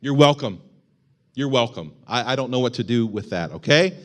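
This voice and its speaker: A young adult man who is a pastor, preaching a sermon in a church in a joking, animated way. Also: medium pitch, moderate pace. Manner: joking and animated, with laughs and put-on shouts. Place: church sanctuary.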